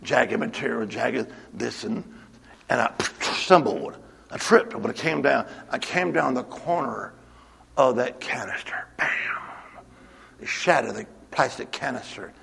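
A man preaching a sermon to his church, moving from quiet storytelling to shouted exhortation. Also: mid-range voice, expressive, a little slow, vocal fry, slightly rough, big-room sound. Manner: builds from hushed storytelling to shouted call-and-response exhortation. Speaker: pastor.

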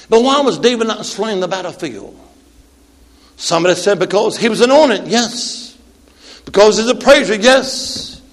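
High-voiced preacher in his sixties, shouting praise. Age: 60s. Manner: calls for amens, shouts and sings out. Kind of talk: Pentecostal sermon. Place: church sanctuary. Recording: long hall reverb.

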